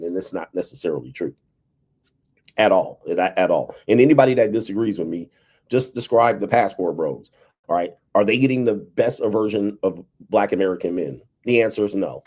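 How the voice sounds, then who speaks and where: Laughing often, a man with a mellow, lowish voice runs a relaxed livestream, talking casually to his audience and reading out messages from chat.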